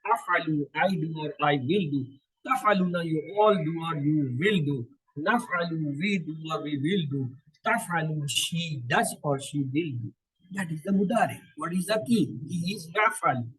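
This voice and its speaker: A man teaching Quranic Arabic in a classroom lesson, slowly drilling word patterns and asking questions that he answers himself. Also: on the high side, a bit bright, breathy edge, low-quality recording. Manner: slow, repetitive recitation of word patterns.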